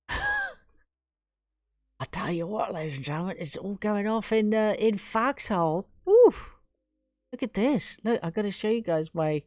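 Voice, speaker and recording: A woman's voice: medium pitch, lively intonation, a little slow, long pauses, darkish tone, no room sound, clean studio sound. A woman from England hosting her own live stream, chatting casually and gushing her thanks to viewers.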